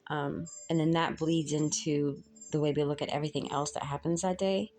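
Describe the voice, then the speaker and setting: A woman giving a casual spoken tarot reading, halting and earnest as she searches for words. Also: sits low, steady tone, darkish tone. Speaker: tarot reader.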